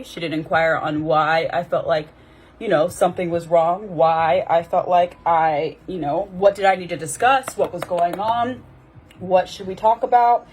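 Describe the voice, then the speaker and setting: A woman with a fairly low-pitched voice, a life coach, tells her viewers a personal story candidly and conversationally, using many fillers as she speaks to camera. There's a little hiss or hum.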